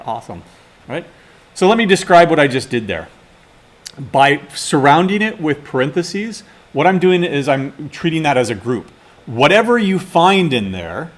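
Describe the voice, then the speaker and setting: A man teaching a class, talking through live coding and muttering to himself as he types. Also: a little high. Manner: casual, mutters to himself while typing. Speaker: instructor.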